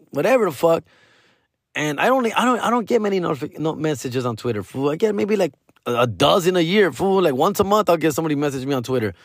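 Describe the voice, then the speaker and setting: A man's voice: on the high side, no room sound, studio quality. A middle-aged man hosting a comedy podcast, telling a rambling, profane story full of slang and Spanish asides.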